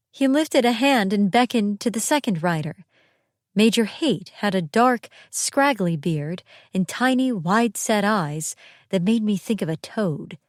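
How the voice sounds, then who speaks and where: A woman reading a first-person audiobook narration in a steady, tense storytelling manner. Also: mid-range voice, measured pace, no room sound, studio quality.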